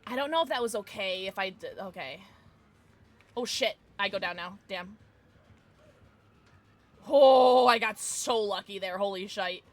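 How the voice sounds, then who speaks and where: A young woman, streaming a game and chatting casually with her viewers, rambling and swearing as she plays. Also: mid-range voice. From Midwestern United States. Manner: chatty, rambling, swears and reads chat aloud. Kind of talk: casual live-stream chat while gaming.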